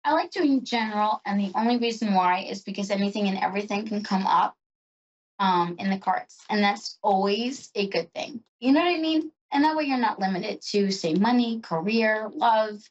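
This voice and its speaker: An effusive, emotional woman chats her way through a tarot reading, her voice sitting at an ordinary middle pitch. The sound is slightly muffled and lo-fi. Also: expressive, normal speed, slight background noise. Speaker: psychic show host.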